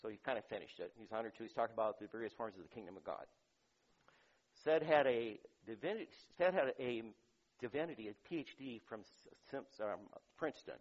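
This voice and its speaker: A male pastor preaching in a relaxed, conversational way, with a husky, slightly breathy voice. He throws out rhetorical questions and moves from loud emphasis down to near-quiet remarks. The recording sounds a little dull and muffled. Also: medium pitch, fairly quick. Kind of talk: sermon.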